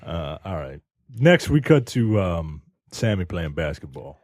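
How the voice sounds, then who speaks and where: A man co-hosting a casual movie review podcast, reacting quickly and swearing easily. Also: sits low, big pitch swings, darkish tone, no room sound, studio quality. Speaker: podcast co-host.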